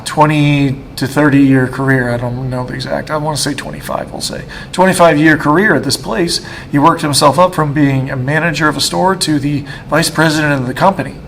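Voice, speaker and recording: A man in his thirties giving a personal faith testimony, halting and emotional, with many restarts. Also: mid-range voice, fairly bright tone, a little hiss or hum. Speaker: guest speaker.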